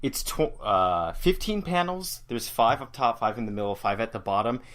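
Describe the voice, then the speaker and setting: A man on a casual podcast, explaining comic panels in a halting way full of fillers. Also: mid-range voice, sing-song, fairly bright tone. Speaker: podcast co-host. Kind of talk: casual chat about a comic.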